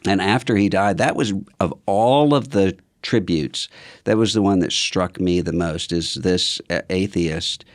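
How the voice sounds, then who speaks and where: An older man, a podcast guest, telling stories in a thoughtful, measured way. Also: sits low, no echo, studio quality. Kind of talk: casual conversation.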